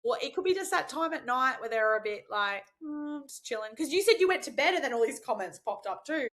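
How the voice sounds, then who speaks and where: A woman's voice: high-pitched, sing-song, fast talker, fairly bright tone. A woman hosting a podcast, chatting casually, swearing freely and laughing often. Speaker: podcast host. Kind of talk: casual chat.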